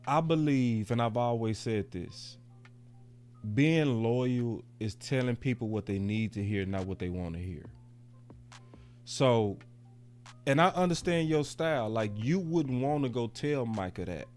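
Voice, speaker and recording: A man's voice: mid-range voice, expressive, measured pace, darkish tone. A man hosting a sports call-in show, easygoing and conversational. He makes his case in plain, laid-back talk and keeps cutting back into the discussion. Faint music runs underneath. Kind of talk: casual sports debate.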